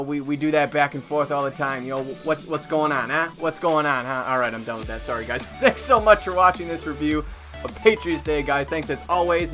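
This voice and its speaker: Brief: young male film reviewer, conversational, slightly higher voice, faint music underneath. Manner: chatty, full of "like" and "um" fillers. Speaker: movie reviewer. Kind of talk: casual online movie review.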